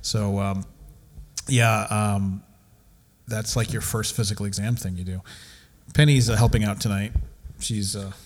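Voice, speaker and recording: A man co-hosting a casual podcast, telling stories with sudden animated rises in his voice. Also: on the low side, measured pace. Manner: animated storyteller, rises sharply for emphasis. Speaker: podcast co-host. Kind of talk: casual chat.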